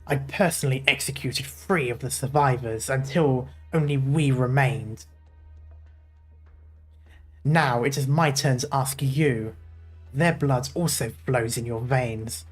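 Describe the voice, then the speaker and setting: A gravelly, smoke-roughened ship captain, put on by a man reading a game's story aloud. His body is becoming part sea monster, and he speaks slowly and with menace. The voice sits in a middle register with faint music underneath. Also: mid-range voice. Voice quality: gravelly, smoky.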